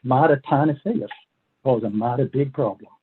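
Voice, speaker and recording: A man's voice: mid-range voice, moderate pace, husky, natural voice. A man doing a folksy male southern lawyer with a Southern US accent, over a phone-like line. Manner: drawling, folksy.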